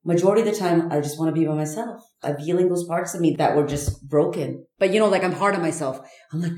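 Soft heartfelt woman, low voice, lots of likes and restarts, roomy room sound. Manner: halting, searching, with many fillers and restarts. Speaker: podcast guest. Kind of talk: candid personal conversation.

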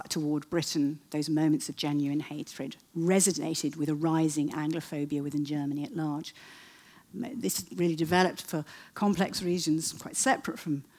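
A woman lectures on history to a live audience, telling it as a lively, digressive story. She pauses for wry asides and leans on frequent "uh"s. Her voice sits low and has a husky grain. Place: talk before an audience.

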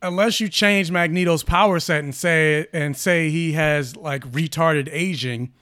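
A man co-hosting a podcast in casual chat, matter-of-fact and quick to correct details. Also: fairly high pitch, fairly bright tone, no room sound, clean studio sound. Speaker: podcast co-host.

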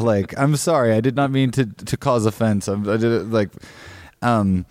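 A man's voice: fairly low pitch, fairly even intonation, moderate pace, a little mellow, no echo. A man, a guest musician, telling a story in a casual interview, rambling with many restarts and fillers.

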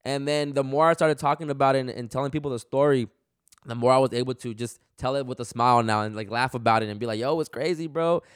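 A man's voice: mid-range voice, fast, smooth, no room sound, studio quality. A man telling a personal story in casual, slangy speech, acting out what people said. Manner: animated, slangy, retells dialogue.

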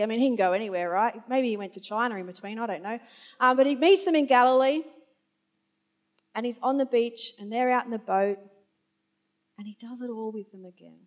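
Woman giving a chatty sermon, pretty high voice, jokes on the side, corrects herself as she goes. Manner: chatty and informal, with wry humorous asides; loses her place and corrects herself aloud. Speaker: preacher. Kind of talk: conversational sermon.

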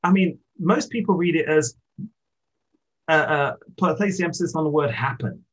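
A poet in conversation, speaking thoughtfully about poetry and pausing to restart his sentences. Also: a little high, husky, rough recording. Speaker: poet, interviewee. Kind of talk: reflective literary conversation.

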